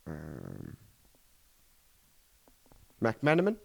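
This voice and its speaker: A man's voice: a bass voice, huge pitch swings, very slow, vocal fry, a little mellow, breathy edge. An Irish man, a comedian co-hosting a podcast, telling stories in casual chat, swearing and laughing often. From Ireland. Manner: swearing, joking storyteller who laughs often.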